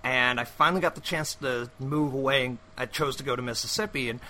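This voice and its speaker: A man from upstate New York interviewing a guest in a relaxed, curious way, asking probing follow-up questions. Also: medium pitch, a little fast, a little hiss or hum, poor audio. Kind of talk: casual conversational interview.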